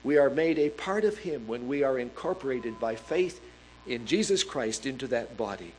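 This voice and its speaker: A man preaching a sermon in an earnest, emphatic way, reading scripture aloud and slowing down to stress key words. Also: mid-range voice, expressive, slight background noise, low-quality recording.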